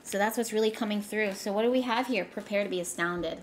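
A woman's voice: medium pitch, fast talker, a little hiss or hum. A woman giving a casual tarot reading straight to her viewers, talking emphatically and often repeating herself for effect. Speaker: tarot reader.

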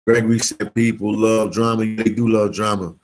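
A man's voice: fairly low pitch, moderate pace, low-quality recording. A man vlogging from the Dominican Republic, reading out viewer comments in casual slangy chat and reacting with energy. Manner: reads viewer comments aloud, slangy and animated. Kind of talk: casual live-stream chat.

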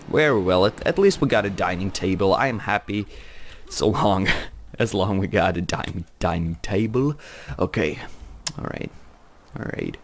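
A young man hosting a game let's play, talking quietly and rambling, with frequent repeated phrases and chuckles. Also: lowish voice, a little slow, faint music behind. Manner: hushed, talking quietly so as not to wake someone. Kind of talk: casual game commentary.

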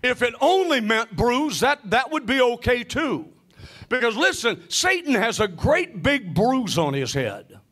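A man preaching a sermon, calling out to the congregation and answering his own questions, often rising to a shout or a sing-song cadence. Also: extremely high pitch, very animated, unhurried. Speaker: pastor.

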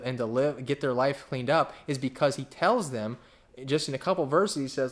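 Animated man preaching a sermon. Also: a little high. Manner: animated, acts out quoted voices, repeats phrases. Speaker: pastor. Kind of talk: verse-by-verse Bible teaching.

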